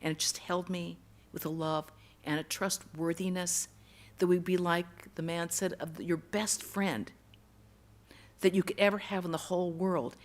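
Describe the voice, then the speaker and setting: Woman monastic giving a temple talk, earnest storyteller, goes quiet on the tender bits. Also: lowish voice, steady tone, normal speed. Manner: earnest storytelling, dropping soft and hushed on tender words. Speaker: monastic lecturer. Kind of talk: temple lecture. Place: temple hall.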